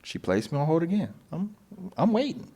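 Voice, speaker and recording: Animated man telling his own story. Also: fairly high pitch, fairly quick, breathy edge. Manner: animated, acts out phone calls in voices, swears. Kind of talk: casual storytelling.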